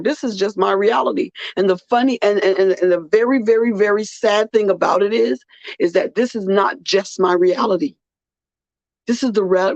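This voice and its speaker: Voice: medium pitch, no echo. A podcast host, tired and earnest, speaking in a personal heartfelt monologue and repeating phrases for weight. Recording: dull, muffled dry recording.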